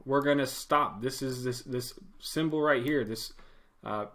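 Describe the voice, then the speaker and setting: A man teaching web coding as an instructor in a casual screen-share lesson, animated and acting out commands in a loud put-on voice. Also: mid-range voice, measured pace.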